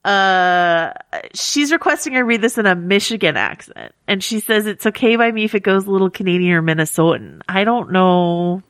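A woman's voice: medium pitch, lively intonation, normal speed, no room sound. Woman, podcast co-host, reads listener emails aloud, chatty, laughs easily, dry close mic.

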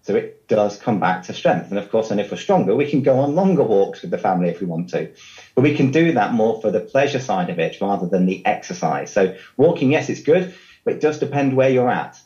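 A man's voice: lowish voice, sing-song, fairly quick, warm tone, lo-fi sound. A man, a fitness trainer guest on a podcast, explaining things patiently with everyday comparisons. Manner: explanatory, uses analogies. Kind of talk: podcast interview.

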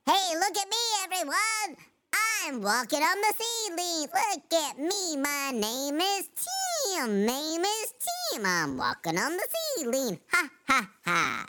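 A giddy, squeaky chipmunk-voiced man. The voice sits very high and bright and leaps wildly up and down. Gleeful and excitable. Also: takes it slowly, heavily acted.

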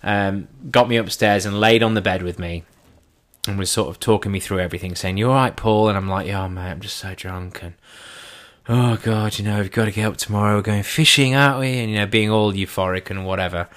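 Animated man telling a story. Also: fairly low pitch, brisk. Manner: animated, acts out his own and friends' lines. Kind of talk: first-person anecdote.

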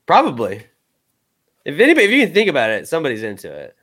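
A man's voice: fairly high pitch, huge pitch swings, fast, a bit bright. A young man co-hosting a podcast in casual chat, laid-back and slangy, rambling with lots of fillers. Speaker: podcast co-host.

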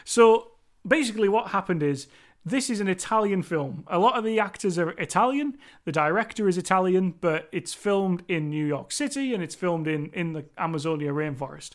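Chatty high-voiced male podcast host. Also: animated, normal speed. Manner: chatty, rambling, enthusiastic with restarts. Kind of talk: casual solo podcast review.

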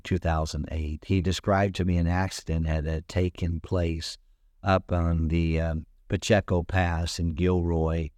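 A man's voice: low-pitched, no room sound, clean studio sound. A man preaching a sermon and telling stories, acting out the people he quotes. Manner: storytelling with animated acted-out quotes. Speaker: pastor.

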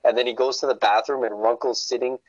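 A man's voice: medium pitch, steady tone, fast talker, no echo, lo-fi sound. A man, a podcast guest, in casual chat, telling stories in a rambling, profane way.

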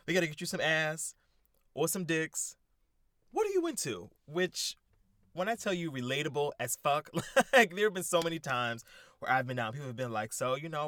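An excitable young man hosts a casual solo podcast, swearing freely and bouncing between topics. His voice sits at a middle pitch. The sound is dry and close, with no room echo. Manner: excitable, profane, animated. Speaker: podcast host. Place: indoors, sitting in a squeaky chair.

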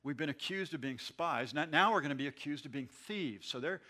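A man's voice: a little high, animated, a little fast, sharp tone. A man teaching verse by verse through a scripture passage, reading and then explaining in a conversational way, often restarting his words. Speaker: Bible teacher. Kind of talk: verse-by-verse sermon.

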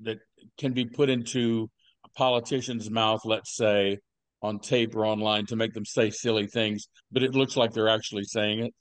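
An older man hosting a podcast, telling rambling stories with deadpan jokes and lots of fillers. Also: fairly low pitch, normal speed, smooth, no echo. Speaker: podcast host. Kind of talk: casual podcast chat.

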